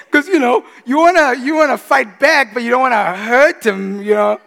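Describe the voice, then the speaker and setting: A man in his thirties preaching a sermon, animated, swinging between quiet confiding asides and loud exclamations. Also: very high-pitched, moderate pace, vocal fry, few pauses. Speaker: pastor. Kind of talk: sermon with storytelling. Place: church. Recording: reverberant church hall.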